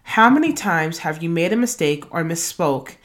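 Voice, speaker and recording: Low-voiced woman reading self-help tips. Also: animated, moderate pace. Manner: reads numbered tips, then drifts into loose casual asides. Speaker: podcast host. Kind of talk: reading a self-help blog post aloud.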